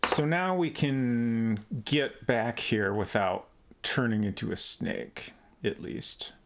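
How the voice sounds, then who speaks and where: A man gives casual let's-play commentary in a gravelly, fry-laden voice, musing and hesitant as he thinks aloud. Soft keyboard typing sits faintly behind him. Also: mid-range voice, animated, slow, a little hiss or hum. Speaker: streamer.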